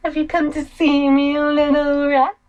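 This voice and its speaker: A woman's voice: high-pitched, monotone, normal speed, a little mellow, voice pushed up, close to an everyday voice. A woman voicing a cruel, unhinged teenage girl who taunts and mocks. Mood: taunting. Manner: mocking, sinks to a whisper.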